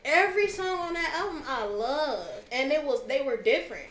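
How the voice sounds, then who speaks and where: Brief: female podcast guest, high voice, eager and chatty, roomy echo. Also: expressive, normal speed, fairly bright tone, a little hiss or hum. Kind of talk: casual chat.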